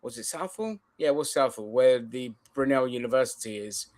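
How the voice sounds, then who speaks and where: A man's voice: medium pitch, brisk, darkish tone. A man hosting a casual podcast chat, talking animatedly and swearing, explaining things at length. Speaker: podcast host.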